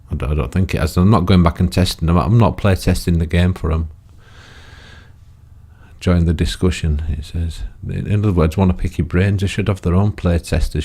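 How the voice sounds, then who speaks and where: Deep-voiced rambling man. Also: mellow. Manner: chatty, self-mocking, trails off with tag questions. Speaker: gaming YouTuber. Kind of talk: rambling gameplay commentary.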